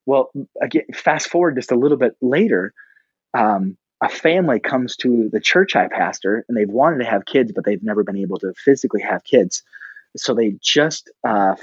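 A middle-aged man, a pastor, telling a personal story casually and animatedly, often jumping up in pitch for the voices he quotes. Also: husky, dry recording, highs cut off. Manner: animated, breaks into high-pitched quoted reactions.

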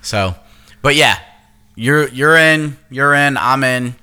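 A man's voice: medium pitch, slow, pushed and bright, clean tone. A man co-hosting a casual comic podcast, rambling and swearing freely. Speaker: podcast co-host. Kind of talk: casual chat.

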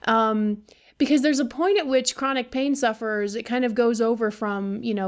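A woman's voice: high-pitched, brisk. Blunt, profane woman ranting casually. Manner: blunt, profane, rambling with fillers. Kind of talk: casual rant to camera.

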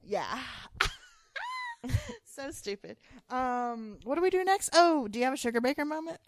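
Giggly, animated woman podcaster. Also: high-pitched, moderate pace, a little hiss or hum. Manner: animated, giggly, lots of "like" fillers. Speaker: podcast co-host. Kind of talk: casual chat.

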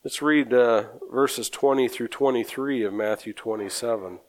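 A man preaching a sermon in a slow, earnest way, often repeating words as he gathers his thoughts. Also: mid-range voice.

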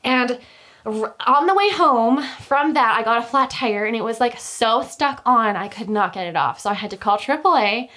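A woman's voice: a little high, animated, normal speed, a bit bright. Chatty young woman telling a story. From Utah, US. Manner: chatty, many fillers and restarts. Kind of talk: casual storytelling chat.

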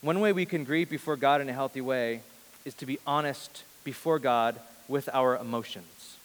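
A man preaching a sermon as a pastor. He reads scripture quietly and grows more intense when he voices questions. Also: mid-range voice, moderate pace. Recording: long reverb of a large hall.

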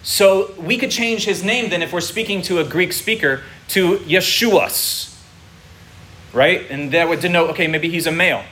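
Explaining step by step and frequently checking his audience is keeping up, this man delivers a teaching sermon to a congregation at a moderate pace with few pauses. His voice is bright, forceful and a little high, set against faint room ambience and a touch of hiss or hum.

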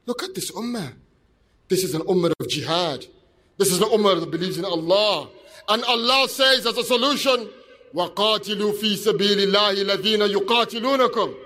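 A man giving an impassioned speech at an outdoor street protest, shouting call-and-response questions to a crowd. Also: high-pitched, expressive, normal speed. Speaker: speaker at a protest rally.

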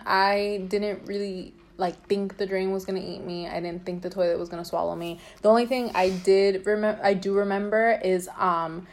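Young woman co-host, mid-pitched everyday voice, dry teasing delivery, casual chat. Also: darkish tone. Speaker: vlog co-host.

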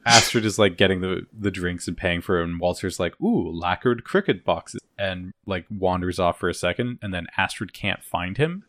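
A man casually recapping a TV episode with a friend, animated and full of "like" and swearing. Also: low voice, normal speed, hardly any pauses. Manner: animated retelling with lots of "like", swearing. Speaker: podcast co-host recapping a TV series. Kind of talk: casual chat.

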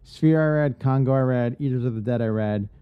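A man co-hosting a podcast in casual chat, getting animated and swearing freely as he rants. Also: mid-range voice, a little fast, smooth, no echo, highs cut off. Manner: animated, profane ranting. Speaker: podcast co-host.

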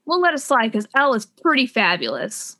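A young adult woman with a slightly high voice co-hosts a casual book podcast. She talks in an animated, gushing way, full of quick asides. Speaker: podcast co-host.

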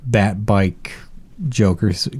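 A man's voice: lowish voice, fairly even intonation, extremely slow, darkish tone, breathy edge. A man with an everyday mid-range voice, chatting casually about a film with friends. He is chatty and drifts into memories of childhood toys. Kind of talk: casual movie commentary chat.

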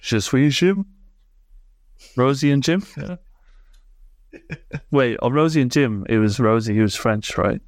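A man's voice: mid-range voice, normal speed, long pauses, no room sound. Chatty man, rambling. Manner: rambling, full of likes and laughs. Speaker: podcast co-host. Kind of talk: casual chat.

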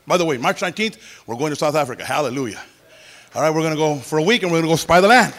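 A man's voice: on the high side, animated, rapid-fire, a bit bright. A man preaching a sermon in a church service, folksy and exclamatory, breaking in with hallelujahs. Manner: exclamatory, with interjected hallelujahs and praise the Lord; folksy storytelling, mimicking music with sung syllables. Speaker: pastor.

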